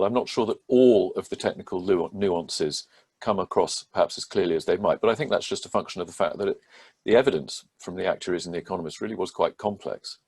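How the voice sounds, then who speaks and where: A man, a barrister, explaining a court judgment in a measured, methodical way with frequent hesitations. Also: fairly low pitch, darkish tone, breathy edge. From England. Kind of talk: legal explainer talk.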